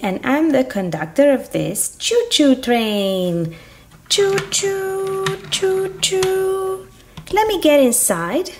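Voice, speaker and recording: A woman's voice: fairly high pitch, a little hiss or hum. A woman narrating a children's toy play as a doll train conductor, cheerful and sing-song. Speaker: toy video host voicing a conductor doll.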